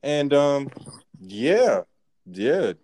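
A man casually telling a work story among friends, profane and animated, acting out what people said. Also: medium pitch, drawn-out words. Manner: profane, animated, acts out quotes.

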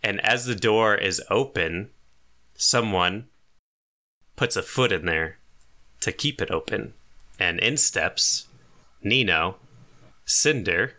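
A man's voice: lowish voice, slow pace, long pauses, bright, forceful tone. A man narrating a tabletop game as game master, often laughing as he describes the scene.

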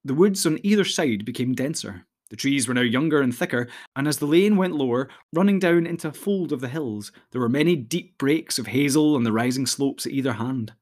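A man reading a fantasy novel aloud as a measured, even audiobook narrator. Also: mid-range voice. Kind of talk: scripted narration.

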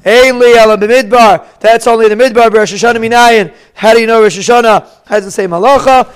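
A man's voice: extremely high pitch, steady tone, a little fast, clean tone. A man teaching a Talmud lesson in English, reading Hebrew and Aramaic with an Ashkenazi pronunciation and explaining each phrase.

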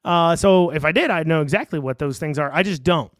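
A political commentator with a high voice rants fairly quickly in casual online commentary, rambling, restarting sentences, and dropping sarcastic asides. The sound is dry, close to a desk mic, with no room echo.

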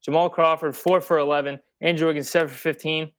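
A man's voice: fairly high pitch, little pitch movement, fast, a bit bright. A man co-hosting a sports podcast, talking bluntly and emphatically in casual chat, swearing freely. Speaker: podcast co-host.

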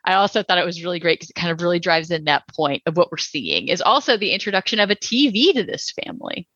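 A woman's voice: lowish voice, big pitch swings, quick pace, fairly bright tone, no room sound. A woman co-hosting a podcast, reviewing a TV episode in casual chat, rambling with lots of fillers. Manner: chatty, rambling with many fillers. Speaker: podcast co-host. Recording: dull lo-fi dry recording.

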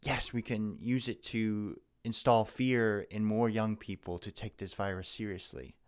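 A man's voice: on the low side, little pitch movement, a little slow, clear, resonant tone. A young man ranting angrily in a profane, heated vlog. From Canada. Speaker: vlogger. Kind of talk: angry political rant.

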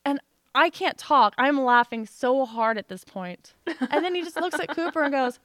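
A woman's voice: high voice, moderate pace, dry recording, studio quality. A young woman telling a funny story on a casual podcast, laughing through it. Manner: animated, laughs through her own story. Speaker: podcast co-host.

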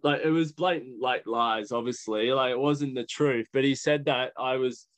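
A man's voice: medium pitch, normal speed, a bit bright. A young Australian man, a podcast guest, telling his story candidly in a rambling way, full of "like". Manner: candid, rambling with many "like" fillers. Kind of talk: casual storytelling.

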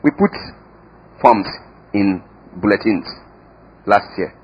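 A man preaching a sermon as pastor, emphatic, with sudden swings in loudness and pitch and repeated words. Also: slow, slightly rough, muffled recording.

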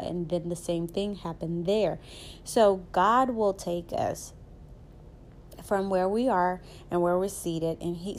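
A woman's voice: mid-range voice, a little mellow, slight background noise. Southern woman telling faith stories. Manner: chatty storytelling, often asks "right?". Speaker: podcast host. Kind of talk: faith-based motivational talk with personal stories.

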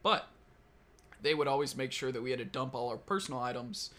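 A young man from Kentucky hosts a casual podcast chat. He tells animated stories packed with swearing and laughing asides. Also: medium pitch, brisk. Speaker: podcast host.

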